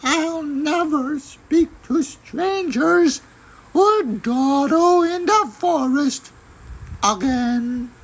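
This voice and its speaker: A man voicing a frightened little girl in a red hood, in a high, wavering child voice for a storybook reading. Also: very slow, gravelly, heavily acted. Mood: tearful.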